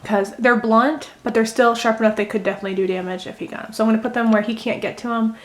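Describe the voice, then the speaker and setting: A woman chatting casually in a how-to craft video, rambling gently and thinking aloud with many fillers. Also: fairly high pitch, steady tone, fast. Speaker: crochet vlogger. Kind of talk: casual how-to chat while unraveling knitting.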